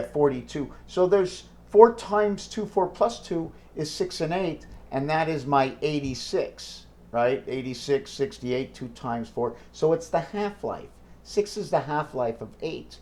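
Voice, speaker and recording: A man talking alone to the camera in a rambling vlog, thinking aloud and hopping between numbers, wordplay and questions to himself. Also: fairly high pitch. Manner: free-associating, jumps between numbers and wordplay; thinks aloud with many fillers and self-questions. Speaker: vlogger. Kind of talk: rambling solo vlog monologue.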